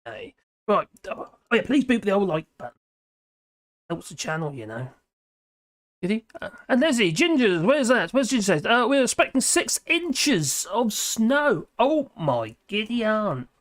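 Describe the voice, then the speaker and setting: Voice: medium pitch, big pitch swings, normal speed. Chatty live-stream host. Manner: chatty and scattered, reacting aloud to comments. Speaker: live-stream host reading viewer chat. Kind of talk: casual live-stream chat.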